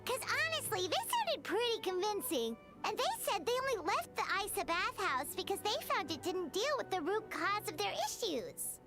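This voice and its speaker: Very high chirpy game girl, a woman acts her. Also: sing-song, moderate pace, few pauses, loud music behind the voice, heavily acted. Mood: doubtful.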